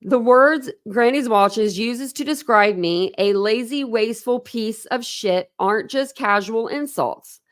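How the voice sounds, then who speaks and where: A true crime channel host, her voice a little high, rants heatedly about online drama, swearing freely and repeating herself as she gets more worked up. Reading documents aloud, she slows down and takes on a mocking tone.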